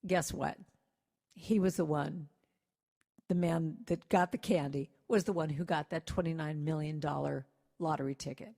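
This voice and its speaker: Gentle, conversational woman speaker. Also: sits low, moderate pace, vocal fry. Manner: gentle, conversational, acts out quotes with lively voices. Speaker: guest speaker and singer. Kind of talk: inspirational talk to a congregation.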